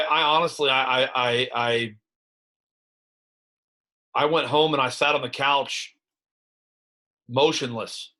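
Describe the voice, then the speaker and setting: A man in his thirties with a Midwestern American accent, a high school head football coach, reflecting candidly in an interview with many restarts and fillers. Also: a bit bright.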